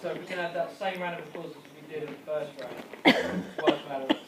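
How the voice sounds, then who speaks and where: A man's voice: fairly high pitch, brisk. A man speaking as best man at a wedding, saying he is nervous. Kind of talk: speech at a wedding reception. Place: wedding reception hall. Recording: echoey hall from far off.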